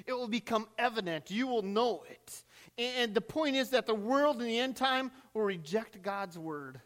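High-voiced pastor preaching in a hall. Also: male voice, animated, moderate pace. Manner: preaching with rising cries and hushed drops. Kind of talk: sermon. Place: church sanctuary.

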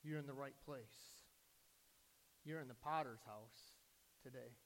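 A man, a pastor, preaching a sermon in a church, swinging from hushed, slow lines to loud, excited bursts. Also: mid-range voice, slight background noise. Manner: preaching with sudden loud rises and hushed drops.

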